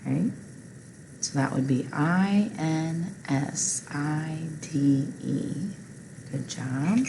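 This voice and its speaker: A woman's voice: low-pitched, extremely slow, creaky, mellow, slight background noise, rough recording. A woman teacher patiently walking learners through a recorded reading lesson step by step.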